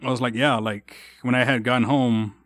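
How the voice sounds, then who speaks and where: A man's voice: medium pitch, fairly even intonation, normal speed, a bit bright, no room sound. A young man from Texas hosting a solo podcast, ranting in a heated, rambling way with constant swearing and restarts. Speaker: podcast host. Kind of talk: casual solo podcast rant.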